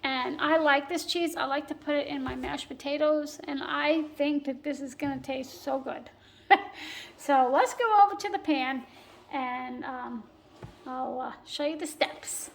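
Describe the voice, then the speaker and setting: A woman's voice: high-pitched, unhurried, vocal fry, low-quality recording. A middle-aged woman chatting casually through a home cooking video in her kitchen, laughing often and apologizing as she goes, filming on a phone. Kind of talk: casual cooking vlog chat. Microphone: phone camera held and turned while cooking. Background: pet bird chirping faintly.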